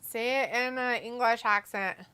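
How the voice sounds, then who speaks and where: A woman's voice: a little high, steady tone, unhurried, bright, forceful tone, smooth. A woman co-hosting a casual live watch-along stream, reading viewer comments aloud and laughing easily. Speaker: stream co-host reading chat.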